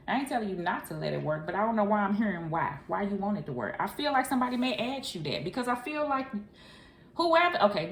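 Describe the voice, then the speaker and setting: A woman doing a casual tarot reading in a chatty, familiar way, calling the listener boo and honey. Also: medium pitch. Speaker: tarot reader. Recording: echoey room, faint hiss.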